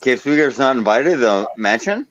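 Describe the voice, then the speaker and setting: A man's voice: mid-range voice, lively intonation, moderate pace, a bit bright, highs cut off, a little hiss or hum. A man hosting a casual stream chat, blunt and swearing constantly. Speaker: stream host. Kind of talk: casual profane group chat.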